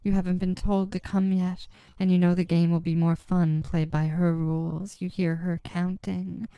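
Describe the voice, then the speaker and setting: A woman with a low, mellow and smooth voice tells an erotic story in the second person. She speaks slowly and evenly, in a hushed tone with little rise and fall. The recording is dry and close. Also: little pitch movement, no room sound, poor audio. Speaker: narrator.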